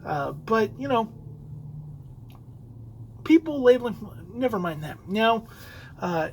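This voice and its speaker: A man's voice: high-pitched, very animated, takes it slowly, a little hiss or hum, low-quality recording. A man hosting a solo podcast, telling a rambling story with many fillers and restarts. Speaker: podcast host. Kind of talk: casual solo podcast talk.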